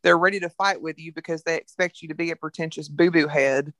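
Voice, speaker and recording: A woman with a Southern American accent, a coffee entrepreneur talking frankly and telling animated stories as a podcast guest. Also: low-pitched, fast, no echo. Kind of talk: casual podcast conversation.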